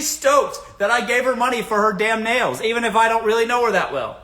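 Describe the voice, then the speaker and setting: A man's voice: sits high, animated, a little fast, few pauses, sharp tone. A man from the American South hosting a casual livestream, giving blunt dating advice, swearing freely and asking the audience rhetorical questions.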